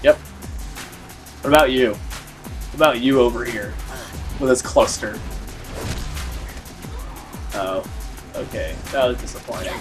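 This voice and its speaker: A man's voice: medium pitch, slow pace, long pauses, music in the background. A man giving casual let's-play commentary, rambling and filling his talk with "like". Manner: rambling, full of "like" fillers. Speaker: gaming video host.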